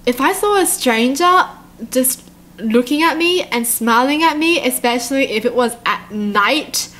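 Excitable high-voiced young woman. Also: a little slow. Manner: excitable, nervous laughter, gasping reactions. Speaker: channel host. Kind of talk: horror game reaction commentary.

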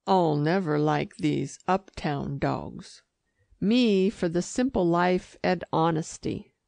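A woman reading the lines of a gruff old male street dog from the Bowery, blunt, slangy and suspicious. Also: lowish voice, slow pace, a little mellow, no room sound, full character voice. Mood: scornful.

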